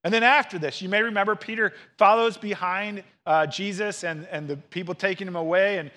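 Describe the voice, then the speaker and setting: A man in his thirties preaching a sermon, earnest and expressive, acting out quotes along the way. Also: sits high, a little fast. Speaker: pastor.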